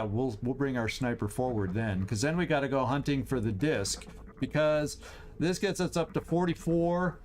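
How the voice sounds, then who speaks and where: A man hosting a game stream, thinking aloud through his moves, tallying enemies and cheering loudly at big shots. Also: on the high side, a little hiss or hum. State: has the hiccups. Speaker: host. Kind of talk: gameplay commentary.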